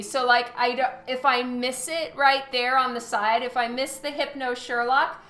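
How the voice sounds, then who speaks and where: A woman's voice: high-pitched, a bit bright. A woman, a comic artist, chatting casually on a live stream while she draws, thanking viewers by name with frequent ums. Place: studio at a light table. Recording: roomy echo with faint music.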